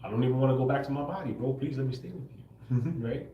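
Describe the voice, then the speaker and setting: A man's voice: medium pitch, fast talker, muffled recording, slight background noise. A man on a livestream talking straight to his viewers, tagging lines with "bro" and "right?", laughing often and swearing freely. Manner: swears casually. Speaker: livestream host. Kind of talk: casual livestream monologue. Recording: roomy echo.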